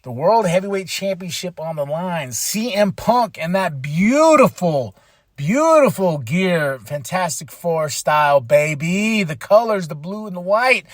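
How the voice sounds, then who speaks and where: A man with a high-pitched voice hosts his own podcast, talking through a wrestling show in a loose, excitable solo review. He laughs often and jumps into acted-out reactions. The sound is close and dry, with no room echo. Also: a little slow. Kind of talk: casual solo review monologue.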